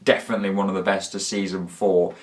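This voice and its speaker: An eager man chatting casually about his favourite episodes, his voice sitting a little on the low side. He gushes, circles back and restarts his sentences as he goes. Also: flat delivery, fast. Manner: enthusiastic, rambling with frequent restarts. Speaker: fan reviewer. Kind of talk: casual ranking chat.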